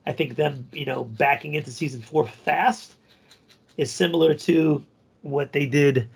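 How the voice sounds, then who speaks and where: A man with a heavily gravelly, rough voice and a husky edge. He co-hosts a casual podcast, rambling and cracking crude jokes. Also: on the high side, fairly even intonation, measured pace. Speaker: podcast co-host.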